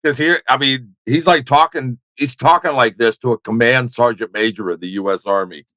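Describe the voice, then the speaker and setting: A man's voice: mid-range voice, normal speed, sharp tone, dry recording, low-quality recording. An older man, a military veteran, telling a long story in a rambling, wry, self-correcting way. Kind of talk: conversational storytelling.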